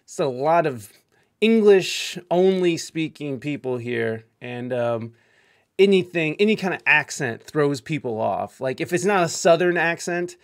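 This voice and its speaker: Fast-talking chatty male host. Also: fairly high pitch, animated. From Ohio, United States. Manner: fast, chatty, rambling with many fillers. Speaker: podcast host. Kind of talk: casual interview on a live stream.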